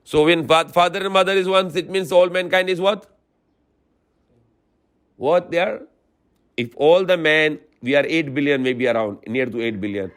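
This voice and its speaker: Male preacher, kinda high voice, broken english, keeps restarting and asking rhetorical questions, drops arabic verses. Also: normal speed, long pauses, a bit bright, clear, resonant tone. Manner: quotes scripture in Arabic. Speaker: Islamic preacher. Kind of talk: religious lecture.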